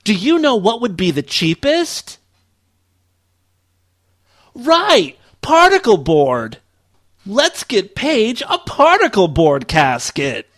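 Brief: man doing a bright sing-song callous parent, cheerful bargain hunter, high-pitched. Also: huge pitch swings, takes it slowly, pauses often, no room sound, studio quality, full character voice. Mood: chirpy. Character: chirpy callous cheapskate parent picking a casket.

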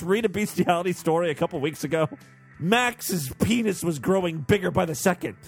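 Dude reading a story out loud for laughs, sarcastic asides, bouncy lively voice, a bit high. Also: male voice, fairly quick, gravelly, husky, soft background music. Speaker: host reading stories.

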